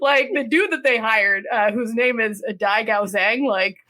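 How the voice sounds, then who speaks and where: A woman's voice: a little high, a little slow. A woman co-hosting a podcast, casually and animatedly retelling a drama plot. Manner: animated storytelling, acting out characters' lines. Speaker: podcast co-host. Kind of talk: casual chat.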